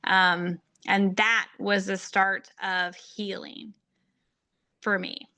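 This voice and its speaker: Bright-voiced woman, earnest podcast host. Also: medium pitch, flat delivery, drawn-out words. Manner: earnest and personal, with frequent "like" and "um". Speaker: podcast host and faith-based marriage coach. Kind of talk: reflective podcast monologue.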